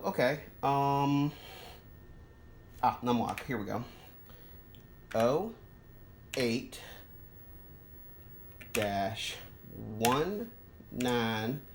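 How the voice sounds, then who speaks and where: A middle-aged vlogger excitedly setting up an old home computer, thinking aloud and tripping over words with delight. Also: mid-range voice, slight background noise. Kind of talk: casual unboxing and setup commentary.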